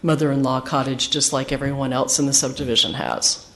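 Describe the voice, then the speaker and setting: Hoarse woman giving formal testimony. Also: rumbling low, fairly quick, a little hiss or hum. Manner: precise and businesslike, explains procedure step by step. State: hoarse, losing her voice. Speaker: representative for an applicant at a public hearing. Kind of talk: formal testimony at a planning meeting.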